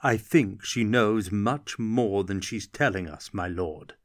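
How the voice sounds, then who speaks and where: A man voicing a smug, scheming court wizard who speaks in a smooth, insinuating way. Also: on the low side. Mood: sly smug. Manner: smooth, sly, deliberate.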